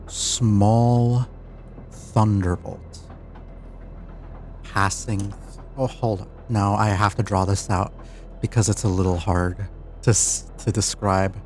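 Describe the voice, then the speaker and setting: A man narrates as game master of an online tabletop game, at an unhurried pace with a somewhat low voice. He trails off and repeats himself while he pins down a description. A faint hiss sits under his voice. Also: fairly even intonation. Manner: halting, restarts while describing, self-deprecating.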